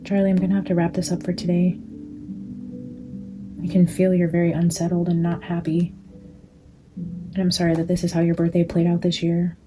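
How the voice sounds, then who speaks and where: A woman's voice: fairly low pitch, completely flat delivery, moderate pace, pauses often, mellow, poor audio. A woman reading tarot cards and channeling a spirit, talking intensely with frequent swearing and filler words. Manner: intense, profane, lots of "like" fillers. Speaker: tarot reader and medium. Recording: music playing under the voice.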